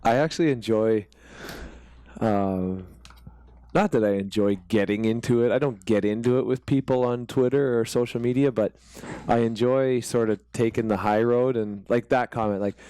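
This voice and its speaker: A man's voice: mid-range voice, moderate pace, mellow, clean tone, dry recording. A man talking as a podcast guest in an easygoing way, laughing often. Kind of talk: casual chat.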